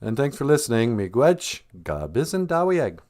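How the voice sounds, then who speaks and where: A man's voice: medium pitch, sing-song, moderate pace, a little mellow. Jokey rambling male podcast host. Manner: rambling, laughs often, jokey. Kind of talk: casual comedic monologue.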